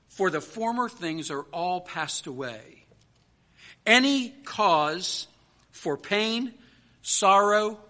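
A man preaching a sermon as pastor, building rhythmic repeated lists and slowing down to stress key words. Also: sits high, bright, forceful tone.

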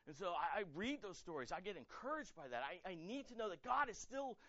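A pastor preaching a sermon with energy, acting out quoted voices and building to loud, emphatic peaks. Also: male voice, high-pitched, big pitch swings, fairly quick, dry recording, lo-fi sound.

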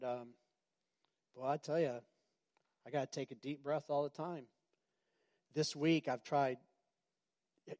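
Middle-aged male pastor, slightly high voice, chatty sermon delivery with repeated phrases and sudden outbursts. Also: a little mellow. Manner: conversational preaching with repetitions and sudden outbursts.

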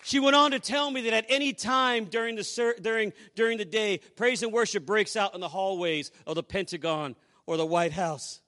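A man with a high voice, preaching as a pastor. He tells a story to a congregation, dropping to hushed asides and then rising to loud exclamations. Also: normal speed, hardly any pauses. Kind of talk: sermon storytelling.

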